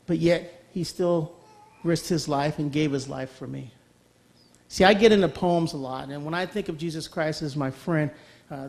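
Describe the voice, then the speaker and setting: A man's voice: a little high, darkish tone. A middle-aged man giving an earnest personal testimony as a guest speaker, often checking in with his audience by asking okay. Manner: earnest, repeats phrases, asks okay.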